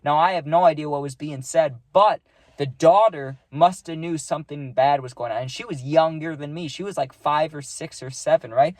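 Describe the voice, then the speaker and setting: A man's voice: fairly high pitch, normal speed, dry recording. A young man casually telling a rambling story, full of fillers, acting out what he saw. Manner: rambling, filler-heavy, acts out the scene.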